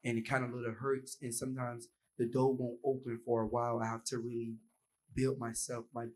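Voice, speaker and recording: A man's voice: medium pitch, flat delivery, brisk, rough recording. A young man, a university student, speaking earnestly from the audience microphone at a panel and acting out bits of dialogue. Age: young adult. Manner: earnest, acts out example dialogue.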